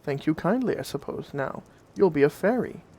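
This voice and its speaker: A man's voice: on the high side, lively intonation, normal speed, dark tone. A man voicing a poor, humble old bamboo cutter in a told story, with old-fashioned country speech.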